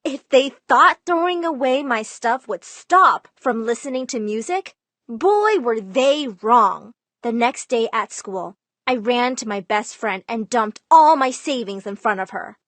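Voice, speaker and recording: Lively dramatic storytime narrator, woman, high voice, dry close sound. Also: unhurried, no echo. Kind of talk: first-person storytime narration.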